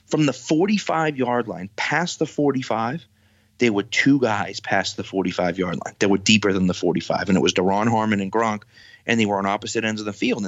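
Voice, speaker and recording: A man who is a guest on a casual podcast, telling stories in an animated, exasperated way. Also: medium pitch, slightly rough, no room sound. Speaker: podcast guest, football writer. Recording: dull dry lo-fi sound.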